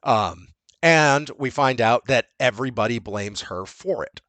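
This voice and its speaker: A man hosting a podcast, recapping a movie in casual, profane, animated chat. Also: medium pitch, unhurried, no room sound. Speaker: podcast host.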